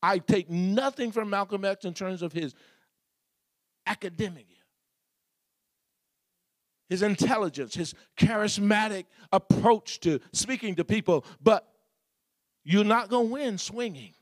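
A man's voice: high voice, a little slow, pauses often, no room sound, studio quality. A man preaching a sermon as pastor, building repeated refrains and asking the congregation questions.

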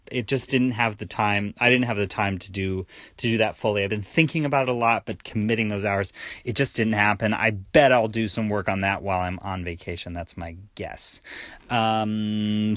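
A man's voice: mid-range voice, a bit bright, dry recording, studio quality. A tired young man hosting his own solo podcast, talking candidly in a rambling way with fillers and restarts. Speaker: podcast host.

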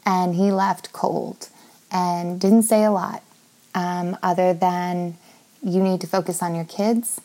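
A woman's voice: lowish voice, fairly even intonation, slow, mellow. A woman in her thirties telling a personal story in a candid, confessional way, full of fillers and swearing.

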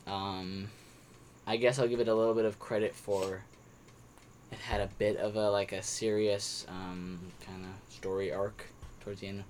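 A man's voice: fairly low pitch, flat delivery, moderate pace, a little mellow, a little hiss or hum. A young man chatting casually on a podcast about movies he watched, rambling with many restarts and fillers. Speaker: podcast co-host. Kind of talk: casual movie review chat.

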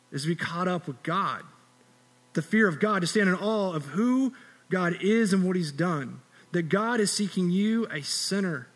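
A man preaching a sermon as pastor, earnest and conversational, often restarting phrases, ending in a quiet prayer. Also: sits high, in a large hall. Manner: drops to a soft, quiet tone in closing prayer.

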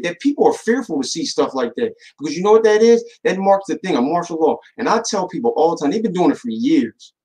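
A man hosting a podcast in a casual monologue, talking in street slang, animated, with lots of restarts and repeated words. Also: on the high side, low-quality recording. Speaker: podcast host.

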